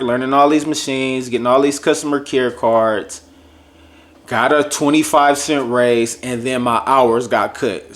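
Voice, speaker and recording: A man vlogging a personal testimony, telling a lively, jokey story straight to his viewers and acting out other people's lines. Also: mid-range voice. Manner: addresses viewers directly and casually. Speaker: vlogger sharing a faith testimony.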